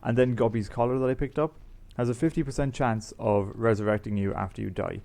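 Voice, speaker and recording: Gravelly chatty man narrating a game. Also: medium pitch, fairly even intonation, fairly quick, mellow. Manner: rambling, chatty, explains game items as he plays. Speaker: gaming YouTuber. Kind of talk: casual let's-play commentary.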